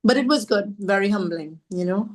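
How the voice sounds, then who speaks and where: A woman's voice: medium pitch, moderate pace. Woman, podcast guest, heartfelt storytelling, earnest, repeats herself for emphasis. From Trinidad. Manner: devout, speaks of faith warmly.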